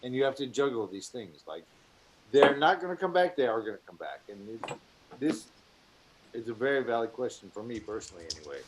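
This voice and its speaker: A man with a Danish accent, a tattoo artist thinking aloud in a casual chat, halting and restarting. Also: medium pitch, expressive, background noise. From Denmark.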